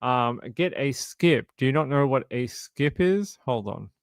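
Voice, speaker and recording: Chatty Australian man, smooth dry voice. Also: medium pitch, animated, unhurried, dry recording. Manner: chatty, joking, trails off and repeats himself. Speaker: livestream host. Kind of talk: casual live-stream chat answering viewers.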